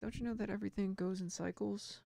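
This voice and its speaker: A woman's voice: medium pitch, steady tone, fast, vocal fry, warm tone, no echo, clean studio sound. A woman streaming while she works, rambling in a casual monologue and often muttering or whispering to herself.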